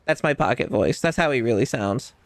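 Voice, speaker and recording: A man's voice: medium pitch, lively intonation, brisk, heavy background noise. A man streaming a game, chatting casually in a playful, teasing and boastful way. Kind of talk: casual gaming chat.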